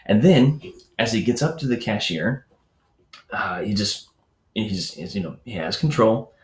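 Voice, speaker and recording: Male host, lowish voice, casual teacher telling stories, echoey room. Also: expressive, unhurried. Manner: conversational, storytelling with filler words and asides. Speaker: educator hosting a morning enrichment show. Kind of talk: casual teaching talk to parents.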